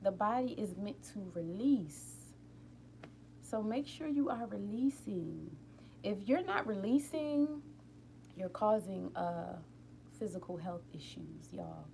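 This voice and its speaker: A woman hosting a casual live stream from home late at night, rambling warmly and talking straight to her viewers about healing and feelings. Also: medium pitch, animated, takes it slowly, vocal fry, slight background noise. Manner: openly emotional, tearful at times. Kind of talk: casual inspirational chat.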